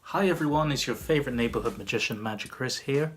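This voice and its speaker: A man who works as a magician, telling a story in a lively, conversational vlog narration. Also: mid-range voice, music in the background. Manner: lively, conversational, with quick bursts.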